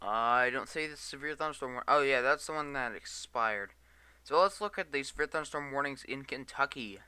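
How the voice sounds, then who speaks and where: A man's voice: mid-range voice, brisk, sharp tone, clean tone, dry recording. A tired man giving live weather radar commentary, reading storm warnings aloud and stumbling over place names. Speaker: storm chaser livestreamer.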